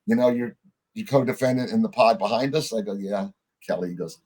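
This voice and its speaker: A middle-aged man with a husky, slightly low voice tells a story on a podcast. He acts out what the other people in it said and swears casually as he goes. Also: a little fast, darkish tone. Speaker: podcast guest.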